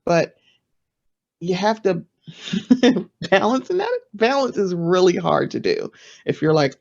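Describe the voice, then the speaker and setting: Woman, panelist, casual advice, chatty, playful quoted voices, lowish voice, dull lo-fi audio. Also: very animated, takes it slowly, gravelly, pauses often, darkish tone. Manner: chatty, acts out quoted voices with big pitch jumps.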